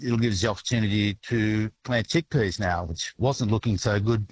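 An Australian grain farmer answers a radio interview, relaxed and halting, restarting his sentences often. His voice sits fairly low and sounds slightly rough, and the audio quality is poor.

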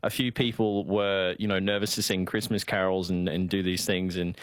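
A man with a rural Australian accent, co-hosting a casual talk show and telling stories in an animated, chatty way with many fillers. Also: low-pitched, moderate pace, dry recording. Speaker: show co-host. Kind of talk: casual chat.

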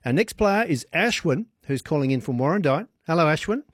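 A man's voice: a little high, expressive, fairly quick, dry recording, clean studio sound. A man hosting a radio phone-in quiz, chatty and upbeat, laughing easily with callers. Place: radio studio.

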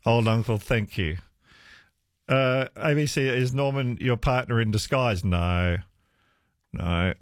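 A man's voice: mid-range voice, slow pace, pauses often, dry recording, studio quality. A man hosting a talkback radio show, laughing often and reassuring callers. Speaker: radio host. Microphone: studio microphone.

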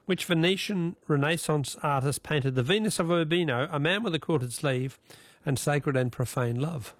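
A man's voice: a little high, moderate pace. An Australian man hosting a talkback radio quiz, chatty, reading out callers' names and answers.

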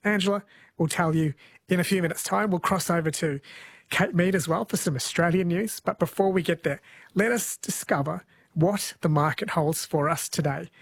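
A man's voice: high voice, moderate pace, gravelly, slightly rough, dry recording. A man presenting a morning radio show in a chatty, playful way, joking at his own puns. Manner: chatty, playful, self-mocking.

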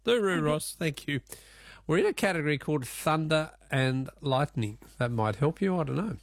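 A man's voice: fairly high pitch, expressive, normal speed, creaky, dry recording. A man with an Australian accent hosting a casual radio quiz, joking and laughing with callers. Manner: jokey, laughs often, teasing callers.

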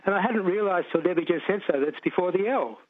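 A middle-aged Australian man rings in to a talk radio show, his voice coming through a thin, tinny phone line. He rambles and hesitates as he chats, with a slightly husky, rather high tone. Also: quick pace. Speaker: caller. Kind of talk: casual phone-in chat.

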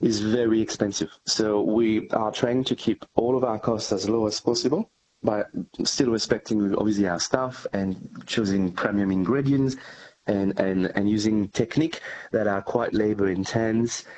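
A man's voice: lowish voice, steady tone, normal speed, a little mellow, rough recording. A man with a French accent, a cheesemaker answering radio interview questions in an earnest, explanatory way. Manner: earnest, explanatory, with frequent restarts. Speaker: cheesemaker, company director.

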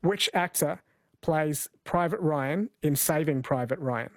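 A man's voice: fairly high pitch, measured pace, dry recording. A man hosting a late-night radio quiz in a friendly, chatty way, laughing easily.

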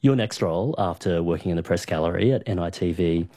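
A woman's voice: extremely low pitch, fast, mellow, no room sound. A woman hosting an interview, asking questions and reacting with laughs. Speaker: interviewer host.

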